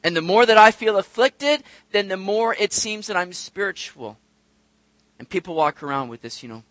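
A man preaching a sermon to his congregation, animated and acting out the voices of the people he describes. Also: high voice, moderate pace, no room sound. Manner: animated, acts out quoted voices, addresses congregation directly. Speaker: pastor.

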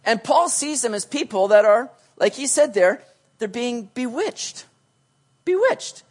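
A pastor preaching a sermon, animated, switching between loud emphasis and hushed asides, and acting out quoted voices. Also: medium pitch, a little slow. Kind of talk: sermon teaching on a Bible passage.

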